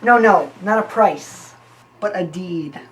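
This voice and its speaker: A woman's voice: on the low side, slow, a little hiss or hum, low-quality recording. A woman playing a rambling, scheming informant. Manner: long-winded, deadpan storytelling.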